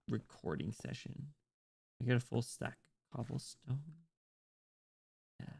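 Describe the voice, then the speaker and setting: A man's voice: medium pitch, slow pace, vocal fry, long pauses, fairly bright tone. An American man streaming, chatting casually while he plays, rambling and joking and swearing often. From United States. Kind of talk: casual gameplay commentary.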